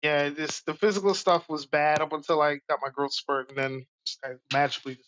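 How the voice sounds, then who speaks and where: Animated New man telling stories. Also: a little high, brisk, lo-fi sound. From Brooklyn, New York. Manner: animated, acts out voices in stories. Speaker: guest. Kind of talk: casual storytelling.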